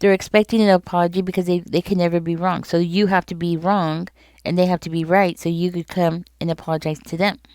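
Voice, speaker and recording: A woman talks viewers through a tarot spread in a loose, conversational way, circling back over her points. Her voice sits low and smooth. It is recorded close and dry, with no room sound. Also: little pitch movement, fairly quick, darkish tone, no room sound. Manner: conversational, repeats herself, speaks directly to viewers. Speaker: tarot reader. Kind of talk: casual tarot reading to camera.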